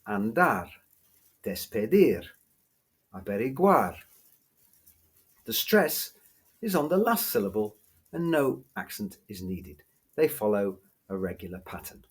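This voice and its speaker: A man teaching a grammar lesson, patiently explaining rules and slowly repeating example words. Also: mid-range voice, darkish tone, husky.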